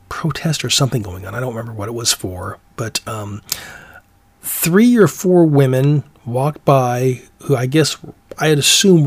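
A man hosts his own commentary show and works through his views in a loose, meandering monologue. His voice sits in a middle pitch, and he often stops and starts mid-sentence. The sound is dry and close, with no room around it. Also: dry recording. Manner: rambling, many restarts and fillers. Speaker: commentary podcast host. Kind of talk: rambling opinion monologue.

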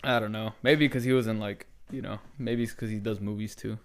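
A man's voice: lowish voice, fairly even intonation, brisk. A man co-hosting a podcast in casual chat, rambling with lots of fillers and swearing. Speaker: podcast co-host.

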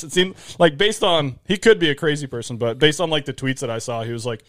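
A man co-hosting a casual podcast chat, talking quickly, swearing and laughing as he talks over his friends. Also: fairly high pitch, fairly bright tone. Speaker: podcast co-host.

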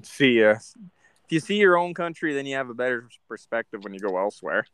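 A man's voice: medium pitch, very animated, a little fast, a bit bright, clear, resonant tone, dry recording. A man hosting a casual chat, teasing and chatty, asking curious questions. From Canada. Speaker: host.

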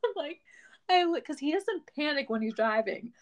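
A woman's voice: high-pitched, lively intonation, moderate pace, poor audio. A young woman co-hosting a casual chat, laughing often and acting out stories with dramatic voices. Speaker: podcast co-host.

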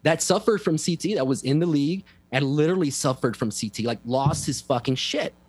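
A man's voice: fairly high pitch, fast talker, darkish tone, husky. A man in casual conversation, emphatic and profane, acting out quoted people as he tells stories. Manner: emphatic, heavy swearing, acts out quotes.

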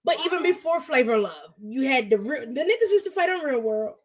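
A woman's voice: high-pitched, sing-song, fairly quick, crowd noise. A young woman talking in casual podcast chat, blunt, profane and emphatic.

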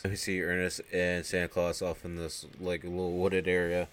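A man's voice: deep voice, completely flat delivery, moderate pace, a bit bright. A man hosting a podcast, casually recapping a movie with lots of fillers. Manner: rambling, many fillers. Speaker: podcast host.

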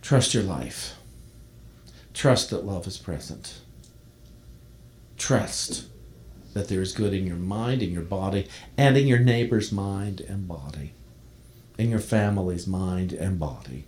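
A man preaching a sermon, reading a devotional text aloud and then speaking gently to his congregation. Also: low-pitched. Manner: reads a devotional poem aloud, then preaches in a soft, slowing voice. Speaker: minister.

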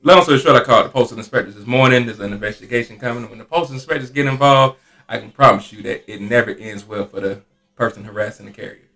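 A man with an Atlanta accent, a postal supervisor, telling a story in casual chat and acting out the people in it. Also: fast talker. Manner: animated, acts out quotes with big pitch jumps. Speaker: postal supervisor, guest co-host.

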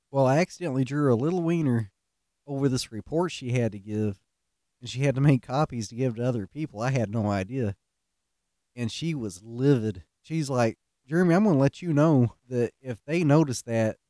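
A middle-aged man hosts a podcast, spinning a casual storytelling monologue in a folksy, self-mocking way and laughing at his own pranks. His medium-pitched voice has a dark tone, recorded in a clean studio with no echo.

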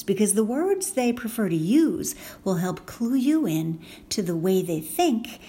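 A woman host talking casually as she teaches, chatty and quick to laugh, acting out example phrases as she goes. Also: on the low side, mellow. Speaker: podcast host.

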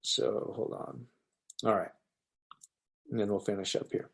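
A man's voice: fairly low pitch, measured pace, creaky, breathy edge. A man teaching the Bible in a casual online session, talking loosely and acting out the quoted voices of others as he reads. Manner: animated, acts out quoted voices. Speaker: pastor.

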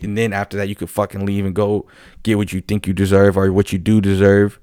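A man talking in a casual monologue as a football fan commentator, animated and profane, rambling with frequent restarts. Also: on the low side, quick pace, clean tone, no echo, studio quality.

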